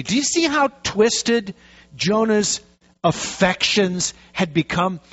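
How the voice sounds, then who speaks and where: A man preaching a sermon, telling a story with lively, animated delivery and acting out the quotes. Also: a little high. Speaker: pastor. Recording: dull lo-fi recording.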